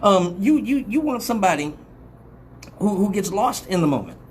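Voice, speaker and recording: A woman at mid pitch for her sex talks frankly on a live radio show. Her speech is blunt, crude and rambling. She laughs freely and keeps breaking into playful mock voices. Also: big pitch swings, moderate pace, darkish tone, a little hiss or hum. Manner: laughs often and acts out quoted voices. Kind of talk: live call-in radio talk.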